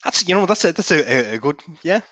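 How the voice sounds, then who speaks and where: A man's voice: on the high side, sing-song, quick pace, a bit bright, dry recording. An Irish man, a novelist guest, chatting easily, laughing often, with many fillers. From Ireland. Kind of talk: casual chat.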